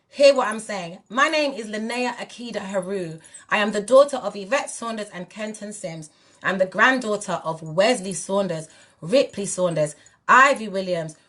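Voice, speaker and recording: A woman's voice: on the high side, fairly bright tone. A woman in her forties from England, speaking in a British accent that slips into Jamaican patois, ranting emphatically and confrontationally on a livestream. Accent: British English mixed with Jamaican patois. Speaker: musician and spiritual wellness figure. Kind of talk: livestream rant.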